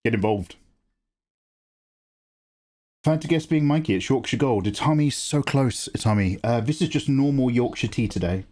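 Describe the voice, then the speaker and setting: Here the drawing-stream host speaks in a mid-range voice at a moderate pace, pausing often. Still animated, he jokes around with chat, swears freely and keeps the talk casual as he draws.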